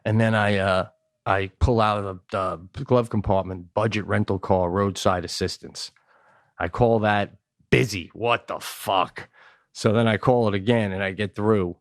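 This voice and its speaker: A man's voice: on the low side, a little slow, no room sound, studio quality. A man hosting a podcast, telling a comedic story with lots of swearing and acted-out voices. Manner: animated, profane, acts out quoted voices; swears often. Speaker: podcast host.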